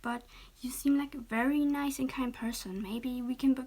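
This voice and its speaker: Woman plays a kind teen girl; a gentle, airy whispered role-play. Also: fairly high pitch, moderate pace, lightly acted. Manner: soft, gentle, half-whispered. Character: shy teenage girl, polite and kind.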